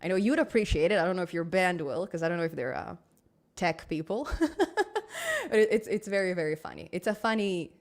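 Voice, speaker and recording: A woman hosting a programming live stream, chatting casually with viewers, upbeat and quick to laugh, with a lot of ums. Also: on the low side. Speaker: livestream host of a programming channel.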